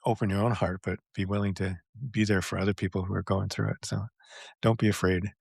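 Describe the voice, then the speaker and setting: A man's voice: on the low side, level tone, brisk, gravelly, a little mellow, breathy edge, no echo, clean studio sound. A man hosting a casual conversation, speaking in an earnest, reflective way. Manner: reflective, earnest, many fillers. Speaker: podcast host.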